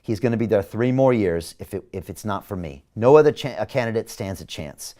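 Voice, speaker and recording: A man's voice: lowish voice, expressive, fairly quick, dark tone. A man running for mayor who hosts a show, giving an emphatic campaign address to viewers, firing off rhetorical questions and reading out their comments. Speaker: mayoral candidate and show host.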